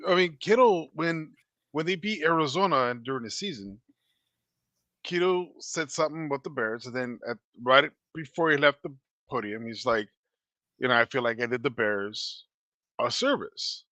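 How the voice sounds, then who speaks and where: A man's voice: mid-range voice, normal speed, pushed and bright, no room sound. A middle-aged man co-hosting a casual sports podcast, telling stories bluntly and swearing freely. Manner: blunt, profane storytelling. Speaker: podcast co-host.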